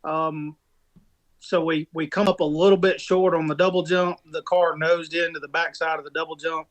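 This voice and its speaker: A man's voice: a little high, little pitch movement, normal speed. A man co-hosting a casual podcast, retelling a race crash in a rambling way full of restarts and fillers. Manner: rambling storytelling with many restarts. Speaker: podcast co-host and rock racer.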